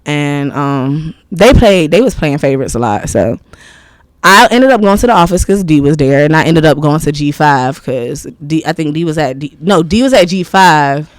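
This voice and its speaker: A woman's voice: deep voice, expressive, moderate pace, dry recording, studio quality. A woman in her thirties, a podcast guest telling stories in a candid, rambling way, laughing often. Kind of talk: casual interview storytelling.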